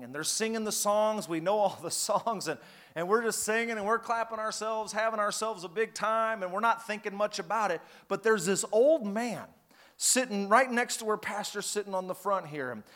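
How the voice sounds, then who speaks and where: Preacher guy, high voice, storytelling sermon that gets loud and fervent. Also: normal speed.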